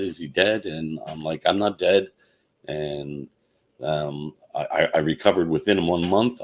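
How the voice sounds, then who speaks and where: A man telling a personal story in a halting way, with many fillers and restarts. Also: rumbling low, darkish tone. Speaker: channel host.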